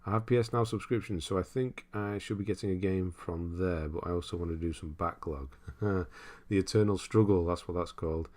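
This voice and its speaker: A young man hosting a casual livestream, reading viewer comments aloud and thinking out loud in a rambling way with frequent chuckles. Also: deep voice, fairly quick, hardly any pauses. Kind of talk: casual live-stream chat.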